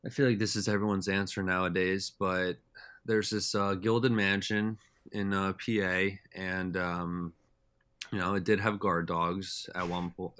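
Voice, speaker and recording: Low-voiced man rambling through stories. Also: flat delivery, measured pace, fairly bright tone, clean tone, no echo. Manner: rambling, loose and talkative. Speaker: podcast guest. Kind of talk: casual storytelling chat.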